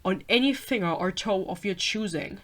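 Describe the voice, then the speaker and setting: A woman voicing a teasing male werewolf lover from a fantasy romance, reading his lines a little lower and softer than her own voice. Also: normal speed, close to an everyday voice.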